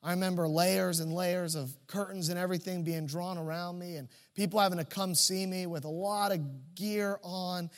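Pastor, male, high voice, chatty storyteller with jokes, reverb of a big sanctuary. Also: steady tone, moderate pace, few pauses. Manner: conversational, humorous storyteller. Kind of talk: sermon with personal storytelling.

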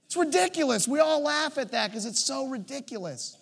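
A man in his thirties preaching a sermon, telling stories and swinging between soft, hushed moments and emphatic ones. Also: very high-pitched, animated, brisk, vocal fry. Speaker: pastor.

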